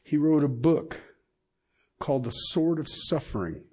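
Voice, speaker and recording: A man's voice: fairly high pitch, animated, a little slow, darkish tone, slightly rough. A middle-aged man preaching a sermon, emphatic and asking the congregation questions.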